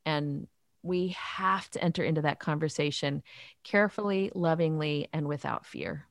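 A woman in her fifties who leads a youth ministry, answering interview questions in an earnest, animated way. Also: low-pitched, normal speed, creaky, dry recording. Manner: earnest, animated storytelling with faith talk. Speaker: author and youth ministry leader.

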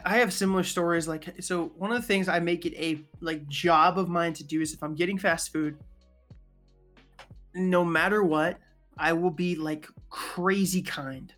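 An animated man in his thirties hosts a relaxed faith conversation. He tells everyday stories and slips into the voices of the people he quotes. Soft music sits faintly behind him. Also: a little high, moderate pace. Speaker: podcast host.

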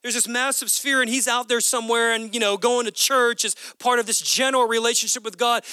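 A man in his thirties preaches a lively, conversational sermon, slipping into the dialogue he describes. His voice sits high and sounds bright and crisp. The sound is dry and close. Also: fairly quick, few pauses, no echo. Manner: animated and conversational, acting out dialogue. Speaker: pastor.

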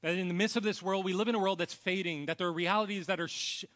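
Pastor, male, earnest preaching; light, higher-pitched voice that drops soft at the ends of thoughts. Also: fairly even intonation, fast talker. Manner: earnest personal storytelling; often trails off to a soft low voice. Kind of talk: sermon.

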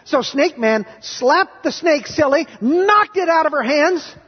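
A man preaching a sermon as pastor, telling stories dramatically and moving from hushed to loud. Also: extremely high pitch, lively intonation, measured pace. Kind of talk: sermon with storytelling. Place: church sanctuary. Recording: dull recording in a reverberant hall.

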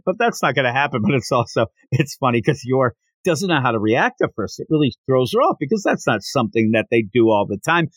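A man's voice: medium pitch, no echo. A man hosting a podcast, talking through a manga with enthusiasm and frequent laughs. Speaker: podcast host. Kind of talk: casual manga discussion.

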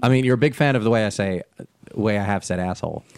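A man's voice: on the low side, fast talker, a little hiss or hum. A man from New Jersey with a New Jersey accent, hosting a podcast in casual chat and laughing often. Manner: laughs often, animated storyteller. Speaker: podcast host.

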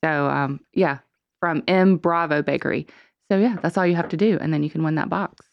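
A woman co-hosting morning radio, with a low voice and a gravelly edge. She chats easily and laughs often, and the studio sound is dry and close. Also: fairly quick, dry recording, muffled recording. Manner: chatty, laughs easily, lots of "like". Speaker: radio co-host. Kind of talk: casual morning radio banter.

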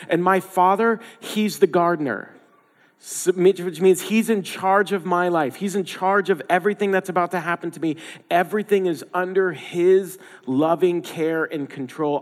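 A man's voice: a little high, in a large hall. A man preaching a sermon as a pastor, conversational and emphatic, repeating phrases for stress.

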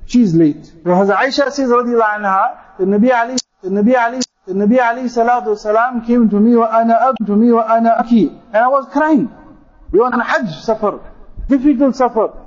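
A man's voice: very high voice, a little fast, dull audio. A man, a mufti, preaching a sermon, repeating phrases for emphasis and reciting Arabic quotations. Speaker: mufti giving a talk.

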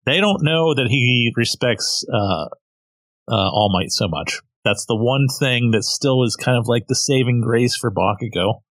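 A man's voice: medium pitch, expressive, fairly bright tone, no room sound. Easygoing man in casual podcast chat. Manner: slow, easygoing, chuckles often. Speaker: podcast co-host.

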